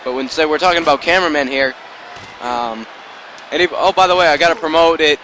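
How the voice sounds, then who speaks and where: A man calling wrestling play-by-play in an excited, rambling amateur style, full of asides and self-corrections. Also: fairly high pitch, fairly quick, a little hiss or hum, low-quality recording. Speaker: play-by-play commentator.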